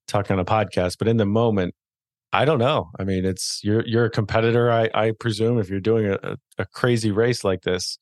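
A podcast host with a lowish male voice chats casually in a friendly, rambling way, full of fillers and restarts. The recording has studio quality with no echo.

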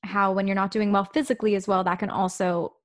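A woman's voice: mid-range voice, level tone, quick pace. A young woman co-hosting a podcast, speaking candidly and reflectively with frequent "like" fillers. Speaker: podcast co-host. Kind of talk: casual podcast chat.

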